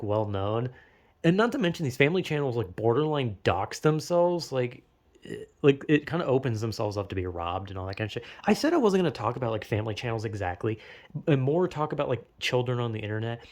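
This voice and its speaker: A man's voice: mid-range voice, a little mellow. A young man giving a rambling, profane casual commentary, often stumbling and restarting. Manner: profane, rambling, self-interrupting with laughs. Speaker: video essayist.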